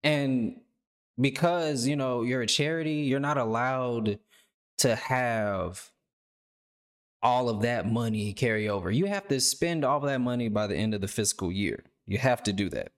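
A man's voice: medium pitch, unhurried. A man hosting a reaction video, talking loosely and rambling with lots of filler words. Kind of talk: casual reaction commentary.

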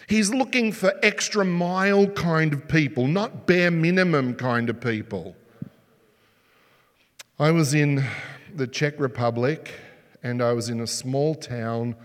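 Male preacher, animated storyteller, lightly raised pitch; reverb-heavy hall sound. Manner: animated storytelling, asks the congregation rhetorical questions. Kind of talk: sermon. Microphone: sermon mic, mask just taken off.

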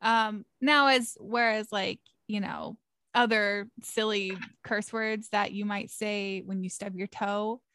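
A woman's voice: mid-range voice, fairly even intonation, slow, bright, forceful tone, clean tone, no echo, clean studio sound. A young woman co-hosting, talking casually with lots of fillers and giggles. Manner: rambling, filler-heavy, giggly. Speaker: podcast co-host. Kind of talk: casual chat.

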